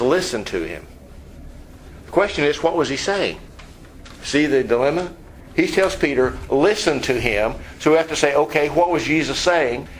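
A man preaching a sermon in a conversational way, asking the listeners questions and dropping low and quiet on key points. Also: a little hiss or hum, rough recording. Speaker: pastor.

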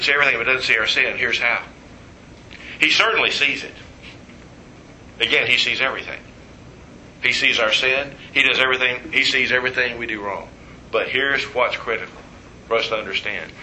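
A man preaching a sermon, telling stories with humor and quoting voices in an animated way. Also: medium pitch, echoey room, a little hiss or hum, poor audio.

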